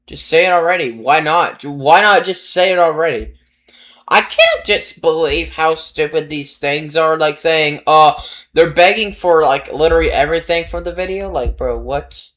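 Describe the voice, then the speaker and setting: A man's voice: on the high side, moderate pace, fairly bright tone. A man reacting to short videos in an irritated, profane rant, swearing constantly and telling the voice assistant to shut up. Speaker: reaction streamer.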